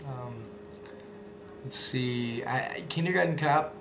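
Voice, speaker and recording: A man's voice: medium pitch, slow pace. A young man chatting casually and rambling, with lots of fillers and swearing. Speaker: video maker. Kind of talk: casual vlog chat. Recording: echoey room with background noise.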